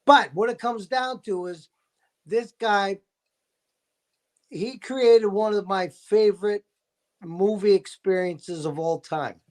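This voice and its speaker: A man's voice: high-pitched, takes it slowly, long pauses. Enthusiastic man telling a story. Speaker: guest. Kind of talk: casual chat.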